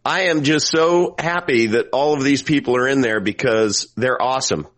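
A man's voice: normal speed, fairly bright tone, dry recording. A man hosting a podcast, introducing his guest in a showy announcer manner, then chatting casually. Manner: theatrical announcer delivery with big pitch swings. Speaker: podcast host. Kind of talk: showman-style intro then casual chat.

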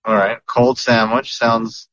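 A man's voice: mid-range voice, level tone, slow, fairly bright tone, no echo. A man hosting a podcast in a chatty, casual way, with lots of fillers and restarts. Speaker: podcast host. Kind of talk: casual chat. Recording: muffled lo-fi audio.

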